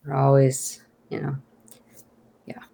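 A woman's voice: extremely low pitch, monotone, takes it slowly, vocal fry, mellow. A woman co-hosting a casual chat podcast, giggling and laughing through her sentences. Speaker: podcast co-host.

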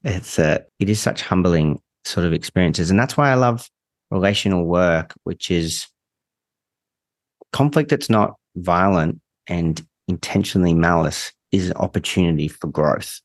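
A man with a fairly low voice speaks as a therapist guest in a relaxed podcast chat. He talks candidly, swears casually and has a dry, sarcastic edge. The sound is close and dry, with no room in it. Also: measured pace, dry recording.

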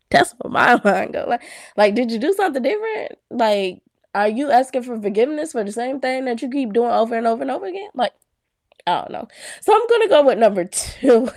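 On her solo podcast, this young woman chats casually and with animation, sprinkling in plenty of "y'all" and "like" and laughing often as she moves between thoughts. The high-pitched voice is captured dry, with a clean studio sound.

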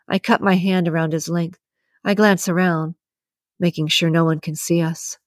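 A woman narrates a first-person romance story in a breathy, intimate voice, pitched on the low side. The recording is dry and close, with no room sound. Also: fairly even intonation, moderate pace, no echo. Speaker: audiobook narrator.

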